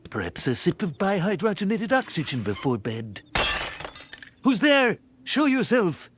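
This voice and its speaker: A man puts on an old, fretful miser talking to himself in a big dark house. The voice rises and falls wildly and sits a little high. Faint noise hums under it. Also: huge pitch swings, measured pace, full character voice. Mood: uneasy.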